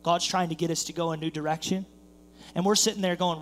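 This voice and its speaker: High-voiced pastor preaching in a reverberant hall. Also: male voice, a little fast. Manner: storytelling, acts out quoted voices, builds in intensity. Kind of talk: sermon. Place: church sanctuary.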